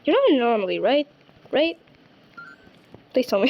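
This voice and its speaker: Woman gamer, high and very lively pitch, jumpy, squeals at scares, self-talk commentary. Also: unhurried, faint music behind, low-quality recording. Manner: jumpy, talks to herself, squeals when scared. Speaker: gamer playing a horror game. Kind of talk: casual gameplay commentary.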